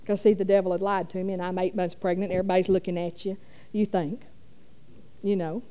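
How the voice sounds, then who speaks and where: A woman's voice: lowish voice, flat delivery, brisk, warm tone, lo-fi sound. A middle-aged woman, telling a rambling, folksy church testimony full of fillers. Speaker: church speaker. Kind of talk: testimony storytelling.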